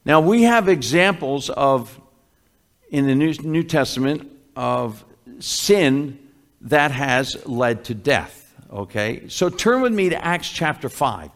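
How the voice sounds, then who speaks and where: A man's voice: mid-range voice, lively intonation, takes it slowly, fairly bright tone. A man preaching a sermon as a pastor, conversational, with many fillers and restarts.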